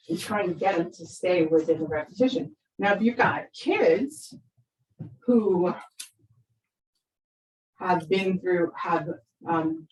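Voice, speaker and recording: A therapist in her fifties talks to a group of parents in a low-leaning voice, with slight background noise. Conversational throughout, she repeatedly asks "right?" and dramatizes quoted lines with large vocal shifts. She's far from the microphone in an echoey room.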